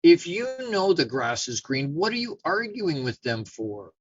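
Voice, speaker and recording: A man voicing a wise male lion from a fable, measured and dryly wry. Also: a little high, sing-song, breathy edge, no echo, muffled recording, full character voice.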